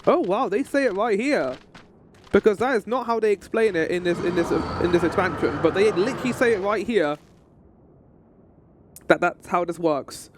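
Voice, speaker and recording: A man's voice: high voice, brisk. A man streaming a game, chatting casually and joking with frequent laughs. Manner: chatty, jokey, laughs often. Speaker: gaming streamer.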